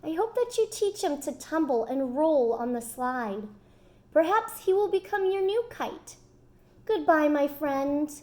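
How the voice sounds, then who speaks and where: A woman voicing a gentle butterfly friend. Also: sits high, animated, unhurried. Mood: tender.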